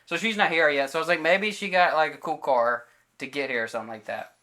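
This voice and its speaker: A man's voice: fairly high pitch, fast talker. Man animatedly telling a story on a podcast. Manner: animated storyteller acting out quoted dialogue; loose, filler-heavy retelling with self-corrections. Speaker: podcast co-host. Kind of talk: casual storytelling chat.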